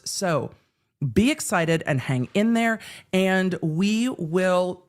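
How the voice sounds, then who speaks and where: A woman in her forties, a hoarse live-stream legal commentary host who talks in a chatty, animated way and repeats herself for emphasis. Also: lowish voice, slow pace. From California. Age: 40s. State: hoarse, under the weather.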